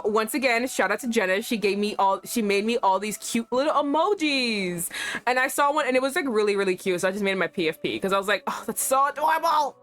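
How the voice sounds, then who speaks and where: A young adult woman streaming a game, chatting casually in a playful, animated way and laughing often. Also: fairly high pitch. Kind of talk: casual gameplay commentary.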